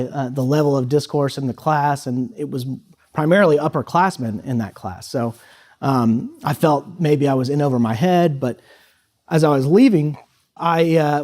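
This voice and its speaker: A middle-aged man telling students a relaxed, anecdotal story about his first days at college, with fillers and acted-out quotes. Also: a little high. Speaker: guest speaker to high school students. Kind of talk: storytelling talk. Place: school hall.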